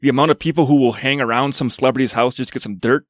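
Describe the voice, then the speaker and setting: A man co-hosts a casual podcast chat, blunt and animated, swearing freely. He talks quickly. The sound is dry and close. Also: medium pitch, no room sound. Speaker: podcast co-host.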